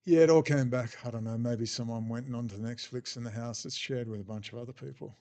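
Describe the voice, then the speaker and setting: A man's voice: mid-range voice, steady tone, fairly quick, dark tone. A man hosting a casual livestream, rambling and bluntly answering chat messages as he goes. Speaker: livestream host reading chat.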